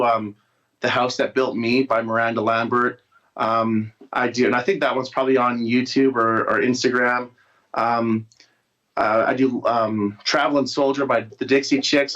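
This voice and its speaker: A man's voice: mid-range voice, a bit bright. A man who is a musician, chatting casually and rambling through an interview over a video call. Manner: rambling, with frequent restarts and fillers. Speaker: musician guest. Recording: dull lo-fi video call audio.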